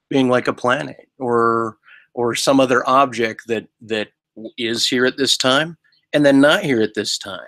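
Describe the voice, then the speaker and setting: A man muses aloud in a loose philosophical monologue, halting and restarting his thoughts and tagging them with a questioning "right?". His voice sits at an ordinary middle pitch. It is recorded close and dry, with no room echo. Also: a bit bright. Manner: halting and musing, many restarts; ends phrases with a questioning "right?". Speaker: solo vlogger.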